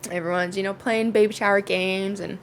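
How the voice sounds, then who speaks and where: A woman's voice: medium pitch, steady tone, brisk, a little hiss or hum. A young woman telling a casual storytime vlog, chatty and swearing freely, with lots of fillers. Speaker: vlogger.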